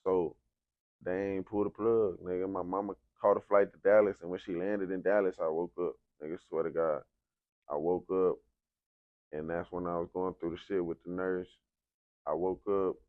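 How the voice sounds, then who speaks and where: A man's voice: deep voice, flat delivery, normal speed, no room sound, phone-quality sound. A young man from San Antonio, Texas, telling his life story in a casual interview, heavy on slang and "you know what I'm saying". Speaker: interview guest, rapper.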